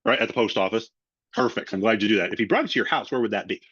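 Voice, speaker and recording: A middle-aged man coaches salespeople in a lively webinar talk and keeps acting out both the caller and the customer in his own voice. The audio is dry and a little dull and lo-fi. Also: fairly low pitch, rapid-fire, breathy edge, no room sound. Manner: animated, acts out both sides of sales calls. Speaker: sales trainer.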